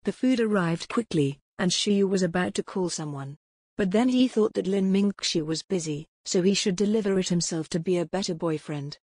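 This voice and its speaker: A woman narrating an audiobook in an even storybook reading. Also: fairly low pitch, normal speed, breathy edge, no room sound, studio quality. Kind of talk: scripted narration.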